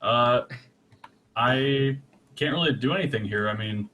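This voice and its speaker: A man's voice: medium pitch, measured pace, sharp tone, slight background noise. Stammering young man role-playing comically. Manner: earnest yet comic, stammering and laughing. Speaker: player. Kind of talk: in-character tabletop role-play, casual and joking.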